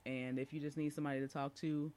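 A man's voice: fairly high pitch, flat delivery, quick pace. A man, casually telling a personal story as a podcast speaker, chatty and full of asides. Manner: chatty, warm-hearted, with asides and fillers.

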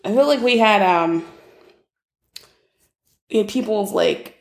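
A woman's voice: mid-range voice, animated, slow, creaky, echoey room. A woman from Ohio, co-hosting a podcast in a casual, teasing manner. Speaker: podcast co-host. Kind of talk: casual chat.

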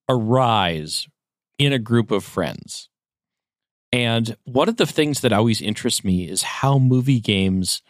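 Male co-host, rambling storyteller, lower register, dry mic. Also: no room sound. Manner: rambling, self-correcting. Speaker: podcast co-host. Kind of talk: casual chat, storytelling.

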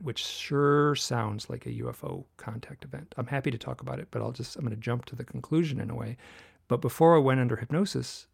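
Gravelly-voiced man telling a personal story. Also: mid-range voice. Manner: earnest, halting, many restarts and fillers. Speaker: guest author and researcher. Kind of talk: casual interview storytelling.

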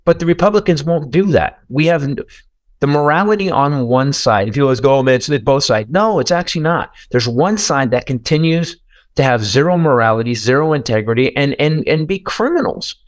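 Brief: profane, animated American man riffing on politics, dry close-miked voice. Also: a little high, a little fast, no echo. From United States. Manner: animated, profane, swings loud for emphasis. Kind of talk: casual political chat.

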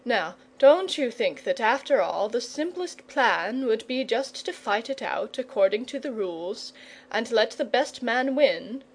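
A woman's voice: a little high, lively intonation, measured pace, a little hiss or hum. A woman voicing a frank, pleasant, patient male knight in a storybook reading. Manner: frank and persuasive.

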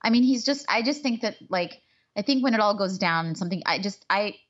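A woman's voice: expressive, fairly quick, lo-fi sound. A woman co-hosting a podcast in casual chat, talking loosely with restarts and the odd swear word. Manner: swearing, restarts, swoops in pitch. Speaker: podcast co-host.

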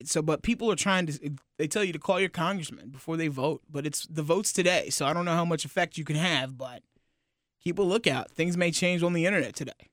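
A young man co-hosting a podcast, talking casually and explaining things haltingly, with many restarts. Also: fairly high pitch, a bit bright, dry recording, studio quality. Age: young adult. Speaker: podcast co-host. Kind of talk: casual chat. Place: radio building studio.

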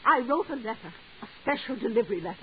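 An actress playing a jealous, desperate wife who pleads in a breathless, overwrought way, in 1940s radio acting style. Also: female voice, fairly high pitch, very animated, fast talker. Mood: pleading. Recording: tinny old radio broadcast with hiss.

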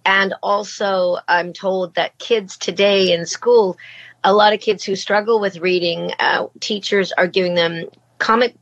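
A woman's voice: mid-range voice, fairly even intonation, a little slow, a bit bright. A middle-aged woman from Canada, a voice actor and former politician, talking earnestly and reflectively as an interview guest, with frequent restarts. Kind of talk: casual interview talk. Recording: slightly dull lo-fi sound.

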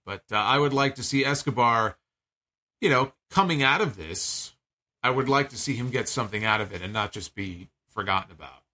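A man talks through a wrestling show in a loose, rambling recap and leans into the lines he quotes. His voice is bright and forceful, with an average pitch. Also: expressive, normal speed. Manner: chatty, digressive, acts out quoted lines. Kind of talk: casual recap commentary.

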